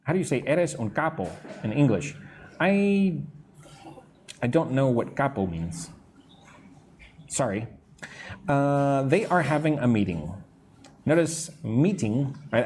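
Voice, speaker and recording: A man teaching English on a live stream, reading out viewer comments and answering them in a casual, self-deprecating way, slowing down to model pronunciation. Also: mid-range voice, big pitch swings, a little mellow, a little hiss or hum.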